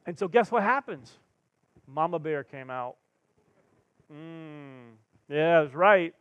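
A male pastor preaching a sermon, telling personal stories with lively, self-mocking humor and acted-out quotes. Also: fairly high pitch, slow pace, clear, resonant tone, no room sound, highs cut off. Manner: animated storyteller, acts out quotes, laughs at himself. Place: church sanctuary.

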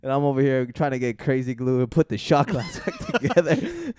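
A man co-hosting a podcast, telling personal stories in casual chat, animated and swearing freely, acting out the voices of people in his stories. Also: mid-range voice, brisk, a little hiss or hum. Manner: animated storytelling, acts out quoted voices. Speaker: podcast co-host.

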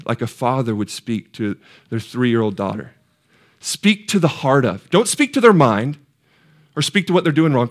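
Male pastor, mid-pitched voice, sermon delivery: quiet and tender one moment, rising to loud peaks the next, questions to the room. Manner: passionate, swings from hushed to soaring shouts; asks the congregation questions. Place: church sanctuary.

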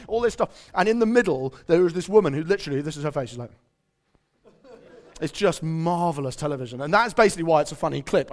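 A man preaching a conversational sermon, quizzing his audience and telling stories. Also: on the high side.

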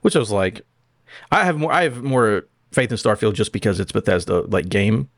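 Low-voiced rambling man, dry. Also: animated, normal speed, no room sound. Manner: rambling, acts out quotes, says "like" often. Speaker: podcast co-host. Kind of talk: casual chat.

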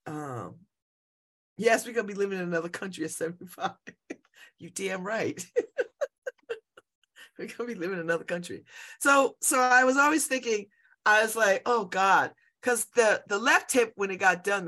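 A woman's voice: medium pitch, animated, normal speed, bright, forceful tone. A woman in her fifties hosting a show, chatting casually and rambling, often laughing and repeating herself. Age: 50s. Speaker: show host. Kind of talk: casual personal chat.

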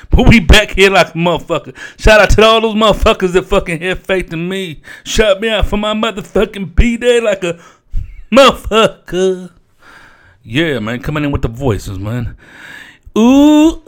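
Guy doing a stoner character from amarillo, kinda high voice, rambling and cussing, says man after everything. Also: fairly bright tone. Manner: ends nearly every phrase with "man", profane and boastful. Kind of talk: improvised comedic character monologue.

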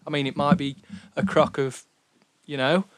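Young male co-host with a Stoke accent, slightly high voice, rambling and chatty, dry close-mic sound. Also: moderate pace, dry recording. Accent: Stoke-on-Trent English. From England. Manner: rambling, chatty, self-deprecating. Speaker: podcast co-host, record label founder. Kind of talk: casual podcast chat.

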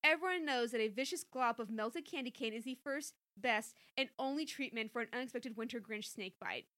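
A woman's voice: on the high side, a little fast, bright, forceful tone. A woman doing a wordy, doting mother. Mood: soothing. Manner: wordy, mock-formal, cooing. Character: fussy, long-winded, doting mother.

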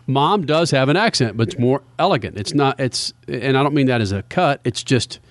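A man hosting a radio show, talking loud and enthusiastic, with frequent laughs. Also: medium pitch, sing-song, unhurried, no room sound. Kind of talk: casual radio talk.

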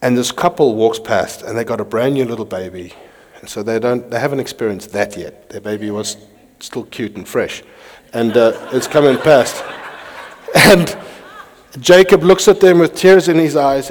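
A man preaching a sermon, reading scripture aloud with animated delivery while pacing. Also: medium pitch, moderate pace, a little hiss or hum. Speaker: pastor. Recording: long hall reverb.

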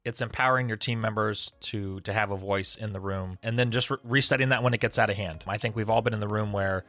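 A man hosting a casual panel discussion among emergency clinicians, telling stories in an animated way and acting out quotes. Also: fairly low pitch, dry recording. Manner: fast, animated storytelling with acted quotes. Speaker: podcast host, emergency clinician.

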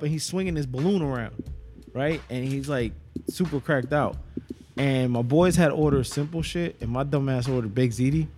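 A man's voice: medium pitch, normal speed, darkish tone, slight background noise. A young man, co-hosting a podcast, telling rambling profane stories and laughing often. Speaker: podcast co-host. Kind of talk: casual chat.

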